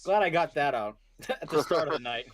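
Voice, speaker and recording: A man with a fairly high voice, trading playful banter during a tabletop game. A faint hiss of noise sits under his voice. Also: animated, moderate pace. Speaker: player. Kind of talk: casual tabletop game chat.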